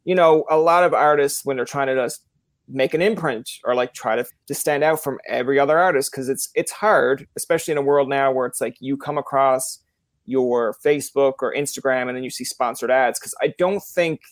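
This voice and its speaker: A man with a Newfoundland accent hosts a relaxed interview chat, speaking at a middling pitch on a dry, close mic. He rambles through anecdotes and slips into other people's voices when he quotes them. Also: a little fast, no room sound. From Newfoundland, Canada. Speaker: podcast host.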